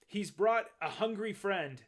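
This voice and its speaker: A man's voice: high-pitched, lively intonation, slow. A man voicing a timid young male penguin in a storybook read-aloud, speaking nervously. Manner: nervous, jumpy.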